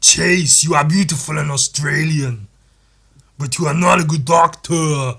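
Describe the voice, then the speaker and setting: A man doing a gruff, growling impression of a musclebound action star playing a doctor, grunting and shouting his lines. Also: a little high, measured pace, heavily acted.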